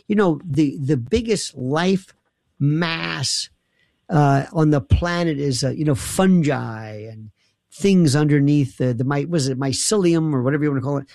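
A man's voice: on the high side, moderate pace, vocal fry, a little mellow, no echo, clean studio sound. A man hosting a late-night call-in radio show, teasing callers in a rambling, mock-bewildered way. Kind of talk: bantering call-in radio talk.

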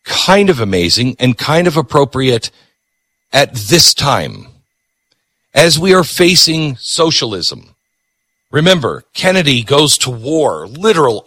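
A man hosting a radio talk show, ranting sarcastically in an animated monologue from the studio. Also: mid-range voice, slow pace, dry recording.

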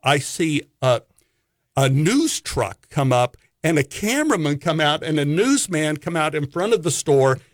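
A man's voice: a little high, unhurried, no room sound. A man, an actor, telling a comic anecdote and acting out the people in it. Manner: animated storyteller who acts out the people in his tale. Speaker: actor telling stories as a guest.

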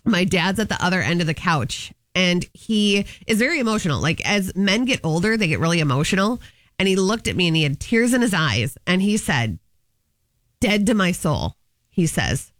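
A woman's voice: fairly low pitch, sing-song, normal speed, a bit bright, no room sound. A middle-aged woman co-hosting a casual chat show, telling stories in a chatty way and laughing often.

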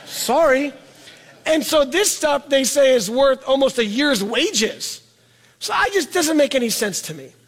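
A middle-aged man preaching a sermon in a conversational way, repeating words for emphasis and slowing down on key words. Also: very high voice, big pitch swings. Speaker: pastor.

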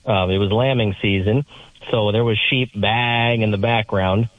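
A man's voice: fairly low pitch, fairly even intonation, unhurried, no echo. A man calling in to a radio show, telling a story animatedly and mimicking voices as he goes. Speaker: caller. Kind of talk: storytelling phone call. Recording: tinny phone line.

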